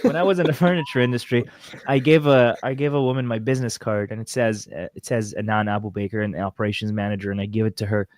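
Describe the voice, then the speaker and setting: Animated man telling stories. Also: lowish voice, fast, no room sound. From Michigan, USA. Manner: animated anecdotes, frequent laughing and swearing. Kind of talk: casual storytelling chat.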